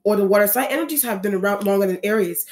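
A woman's voice: medium pitch, rapid-fire, a little mellow, soft background music. A woman reading tarot cards for an audience, talking in a rambling way with many restarts and repeated phrases. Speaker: tarot reader.

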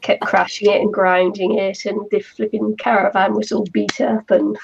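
A woman's voice: mid-range voice, little pitch movement, normal speed, gravelly, husky. A woman with a New Zealand accent chatting casually on a video call while she crafts, laughing often and murmuring to herself as she works. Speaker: craft channel host. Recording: dull lo-fi call audio with faint noise.

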